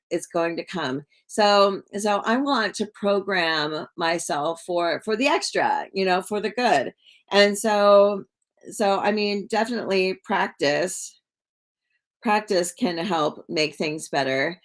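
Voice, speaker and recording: A woman's voice: lowish voice, slow. A woman hosting a casual livestream, talking to viewers in a rambling way with many fillers and repeated words. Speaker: livestream host.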